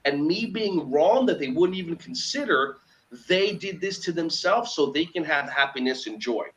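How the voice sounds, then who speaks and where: A man, a children's yoga teacher, talking as a guest in an animated conversational way, acting out quoted dialogue with emphasis. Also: a little high, normal speed, rough recording.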